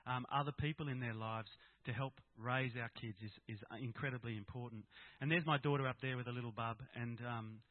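In a brisk, medium-pitched voice with fairly even intonation, a middle-aged man from Australia talks candidly and personally to Christian fathers at their gathering. The sound is dry and tinny, phone-like, with no room sound.

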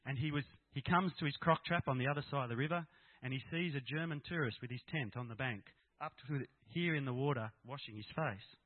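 A man's voice: mid-range voice, quick pace, no room sound. Candid Australian man, tinny phone-like sound. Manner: candid, plain-spoken storyteller. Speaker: speaker at a Christian fathers' gathering. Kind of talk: personal talk to an audience.

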